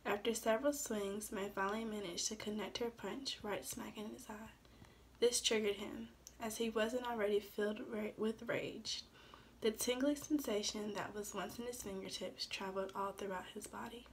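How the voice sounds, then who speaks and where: A young woman reads her own story assignment aloud, stumbling now and then on a word. Her voice sits at an average pitch. A faint background noise runs under the recording. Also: fairly even intonation, moderate pace. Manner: reads from the page with small stumbles. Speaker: student.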